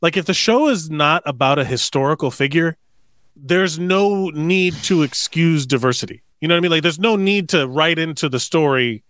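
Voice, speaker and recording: A man's voice: a little high, expressive, normal speed, fairly bright tone, no echo, clean studio sound. Rambling, profane man on a podcast. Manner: rambling, profane, many fillers and restarts. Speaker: podcast co-host. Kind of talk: casual chat.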